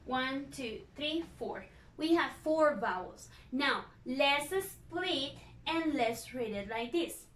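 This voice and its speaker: Teacher: woman, high voice, very slow and patient, repeats each word for young learners. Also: lively intonation, fairly bright tone. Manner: slow, patient, repeats words and spells out vowels. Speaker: English teacher. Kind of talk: recorded lesson for young learners.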